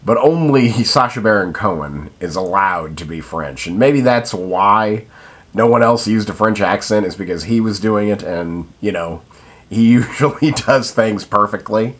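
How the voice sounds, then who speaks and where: A man's voice: fairly low pitch, unhurried, breathy edge. A young man giving a casual spoken film review, hesitant and full of ums and uhs.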